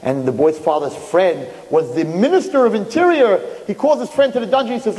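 A man telling a story in an animated, emphatic way. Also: sits high, fairly quick, few pauses. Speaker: speaker. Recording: echoey hall.

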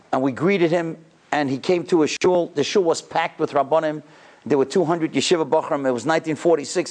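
A middle-aged man giving a speech to a yeshiva, telling a story with animated delivery. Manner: animated storyteller, voice climbing high in retold dialogue. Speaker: guest speaker at a yeshiva.

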